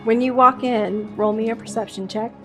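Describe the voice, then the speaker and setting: A woman running a tabletop game as game master, relaxed and quick to laugh. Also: fairly high pitch, soft background music.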